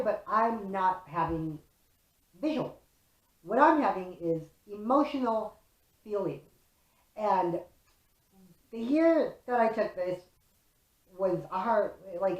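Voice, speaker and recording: Young woman telling a story in a roomy room. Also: mid-range voice. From Chicago. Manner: profane, animated storytelling. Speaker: vlogger. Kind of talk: casual storytime. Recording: roomy echo.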